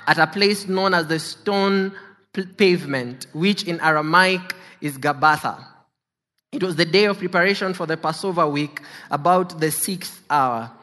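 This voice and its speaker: High bright preacher in a reverberant hall. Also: male voice. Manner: dramatic reading, giving the quoted figures their own inflection. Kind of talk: sermon with scripture reading. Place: church sanctuary. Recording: long reverb of a large hall.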